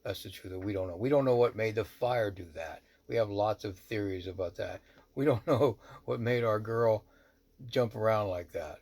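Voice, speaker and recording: A man's voice: lowish voice, vocal fry, darkish tone, husky. A man who works as a shaman telling a true story in a rambling, conversational way, full of "you know" asides. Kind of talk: casual spoken storytelling.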